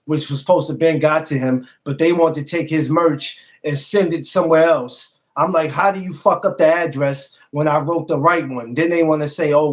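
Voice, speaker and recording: Blunt, profane man hosting a livestream. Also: fairly high pitch. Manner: repetitive, blunt, profane, animated. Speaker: podcast host. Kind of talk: casual livestream chat.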